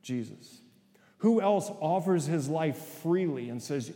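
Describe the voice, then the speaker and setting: A man's voice: on the high side, animated, takes it slowly, warm tone. Man preaching in an echoey hall. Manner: storytelling, often asks the audience "right?"; acts out voices in quotes. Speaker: speaker. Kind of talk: sermon-style talk to an audience. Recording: echoey hall with long reverb.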